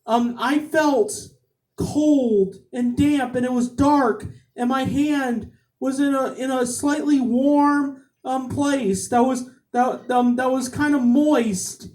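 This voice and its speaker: A man voicing a startled wife woken by a nightmare, in a high, sing-song, put-on voice. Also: takes it slowly, a little mellow, far from the mic. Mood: fretful.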